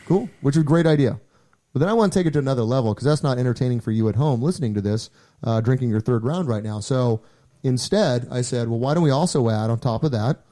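A man's voice: medium pitch, fast talker, dark tone. A man co-hosting a podcast, chatting casually and teasing his co-host with frequent laughs. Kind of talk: casual chat.

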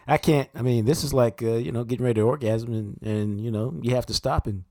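A man's voice: medium pitch, fairly quick, dark tone. A man co-hosting a casual sports talk podcast, breaking down games in a laid-back, blunt, analytical way. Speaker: football analyst co-host.

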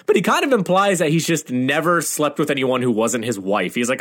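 A man talks through a film on a casual podcast, chatty and enthusiastic and given to rambling asides. His voice sits at an ordinary middle pitch. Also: sing-song, quick pace, few pauses, fairly bright tone. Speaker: podcast co-host.

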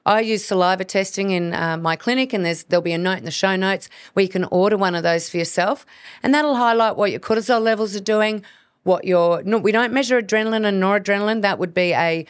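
A woman's voice: mid-range voice, quick pace, clear, resonant tone, no room sound, studio quality. A woman hosting an educational podcast, talking earnestly in a coaching manner and acting out inner voices. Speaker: podcast host, hormone practitioner. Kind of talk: solo educational podcast talk.

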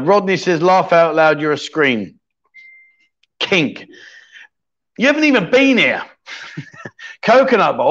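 A man runs a quiz on his casual livestream, ribbing the people in the chat. His voice sits on the high side and leaps about with lively swings. The sound is dull and lo-fi, as from a streaming setup. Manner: cheeky banter with viewers in chat. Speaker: livestream chat show host.

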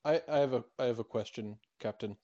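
A slimy alien crewman stammers through politely awkward questions, as a man improvises him. His voice sits at a middle pitch. His many restarts and hesitant little pauses come through on every line. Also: mellow, muffled recording, lightly acted. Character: slimy alien crewman who reads crew mail. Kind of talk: improvised sci-fi role-play.

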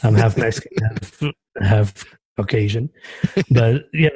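A man from Texas, a guest podcaster, talking in a relaxed, thoughtful way about his show and asking for advice. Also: fairly low pitch, a little slow, breathy edge, no echo. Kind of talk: casual chat.

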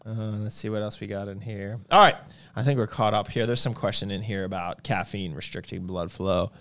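A man's voice: on the low side, fairly quick, a bit bright. A man co-hosting a podcast in loose, joking casual chat, rambling and laughing easily. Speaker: podcast co-host.

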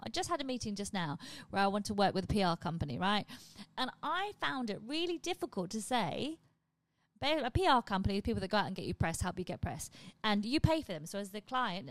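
Woman comedian at home, rapid-fire casual chat, blunt, dry close sound. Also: mid-range voice, very animated, no room sound. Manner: chatty, blunt, swears freely. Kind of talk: casual monologue to camera.

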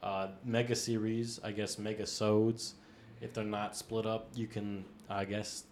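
A man's voice: fairly low pitch, level tone, measured pace, a little mellow, a little hiss or hum. A man co-hosting a podcast in casual chat, rambling and teasing, laughing often. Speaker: podcast co-host.

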